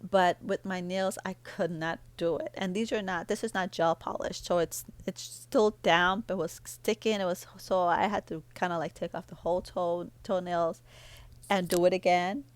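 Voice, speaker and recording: A middle-aged woman chats casually to her vlog viewers, rambling through a heartfelt personal story. Her voice sits a little low, and she keeps an easy, conversational flow. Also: fairly even intonation, normal speed, clean tone, dry recording. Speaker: vlogger. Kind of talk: casual chat while doing nails.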